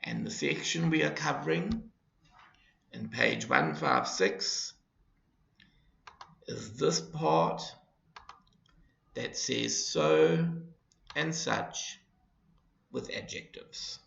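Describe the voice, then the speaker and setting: A man teaching a grammar lesson, explaining slowly and deliberately and repeating his examples. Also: on the high side, sing-song, creaky, fairly bright tone. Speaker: English teacher. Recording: dull, roomy lesson recording.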